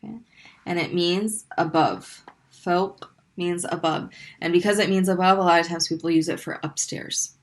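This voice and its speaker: A woman's voice: lowish voice, fairly even intonation, normal speed. A woman teaching a recorded Arabic lesson, patiently repeating sounds for learners to practice.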